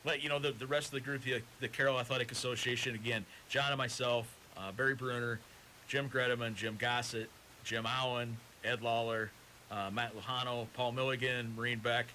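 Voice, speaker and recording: A man's voice: medium pitch, little pitch movement, fairly quick, bright, forceful tone, slight background noise. A man who volunteers with a local baseball association, chatting as a radio guest in an upbeat, promotional way. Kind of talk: casual radio chat.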